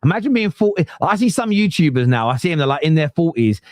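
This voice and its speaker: A man's voice: on the high side, very animated, fast talker, a little mellow, no echo, clean studio sound. Bantering forty-year-old man. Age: 40s. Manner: laid-back, bantering, laughs easily. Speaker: podcast host. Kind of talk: casual football chat.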